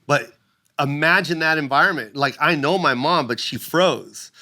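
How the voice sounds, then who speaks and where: A man in his fifties swaps stories on a casual podcast, cursing freely and pressing each point hard. His voice sits a little high for a man and sounds bright and forceful. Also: normal speed. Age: 50s. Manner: animated, profane, emphatic. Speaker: guest comedian.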